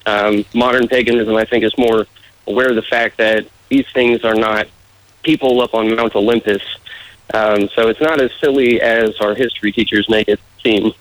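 A man's voice: on the low side, fairly even intonation, moderate pace, no echo, low-quality recording. A man with a muddled mixed accent, a political candidate answering radio interview questions in an easygoing way. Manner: easygoing, laughs off teasing.

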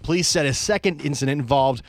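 A man's voice: on the high side, fast. A man hosting a radio show, chatting casually with co-hosts in a studio and teasing them. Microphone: studio microphone.

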